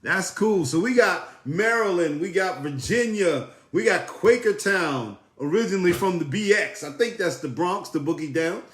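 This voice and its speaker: A man's voice: high voice, expressive, normal speed, hardly any pauses, echoey room. A man from South Jersey hosting a casual livestream, greeting viewers by name in an upbeat, familiar way. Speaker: livestream host.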